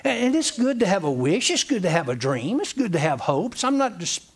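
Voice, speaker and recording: A man with a high, sing-song voice preaches to his congregation. He swoops up and down through his pitch, drilling his points in with plain, homespun repetition. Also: sing-song, brisk, breathy edge. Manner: emphatic, repetitive and folksy. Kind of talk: sermon.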